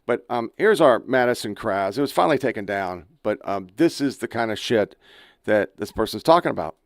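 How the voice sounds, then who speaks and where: A man's voice: fairly low pitch, animated, a little fast. A man from the United States hosting a political podcast, ranting crudely and with exasperation while playing clips. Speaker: podcast host. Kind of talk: profane political commentary.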